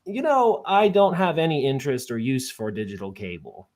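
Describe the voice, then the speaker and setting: A man's voice: medium pitch, sing-song, a little mellow, lightly acted. A man voicing a sweet, chatty old southern grandmother on the phone. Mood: politely declining. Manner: sweet, chatty, drawn-out replies.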